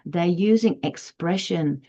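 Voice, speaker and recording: Woman tutor walking parents thru a lesson, low mellow voice, kinda dull lo-fi sound. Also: slow. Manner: patient, explanatory, stresses key terms. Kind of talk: online teaching presentation.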